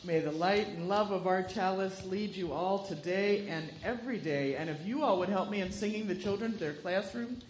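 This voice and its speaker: A woman's voice: mid-range voice, normal speed, hardly any pauses, a little mellow. Woman leading a service and announcing, heard from a distance in an echoey hall with faint noise. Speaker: service leader. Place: church sanctuary.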